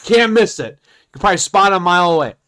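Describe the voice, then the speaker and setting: A man's voice: high-pitched, fast. A young man co-hosting a casual podcast, animatedly telling a work story between laughs and acting out the people in it. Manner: animated, laughing, acts out quotes in voices. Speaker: podcast co-host.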